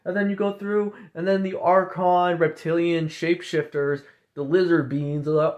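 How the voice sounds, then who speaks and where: A man's voice: a little slow, hardly any pauses, darkish tone, highs cut off. A man ranting casually to his viewers, repeating points over and over and ending phrases with "okay?" and "guys.". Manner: repetitive, says "okay?" and "guys" after most points; mocks others in higher put-on voices. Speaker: vlogger. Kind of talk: casual rant to camera.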